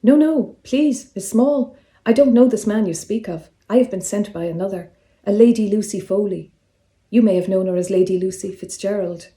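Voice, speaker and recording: A woman voicing a scrawny, excitable male solicitor who talks with fussy, overly polite formality. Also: medium pitch, a little fast, natural voice. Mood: excited, gushing. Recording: roomy echo.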